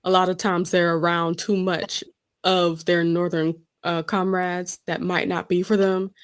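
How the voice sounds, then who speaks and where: Lady hosting a chat, lowish voice, rambly and laughing a lot. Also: flat delivery, a little slow, clean tone. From South Carolina. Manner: chatty, laughing, stumbling restarts. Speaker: host. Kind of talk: casual chat.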